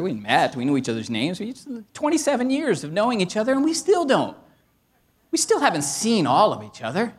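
Lively, excitable middle-aged male preacher. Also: sits high. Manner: preaches with rising excitement, shouting at peaks; tells stories about his wife with humor. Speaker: pastor. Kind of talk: sermon.

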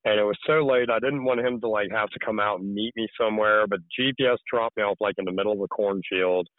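Rambling man, candid podcast guest, lowish voice, dry phone-line sound. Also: fairly even intonation, quick pace, no room sound. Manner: rambling, candid storytelling with many fillers. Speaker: podcast guest, tree care worker. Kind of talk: casual conversation.

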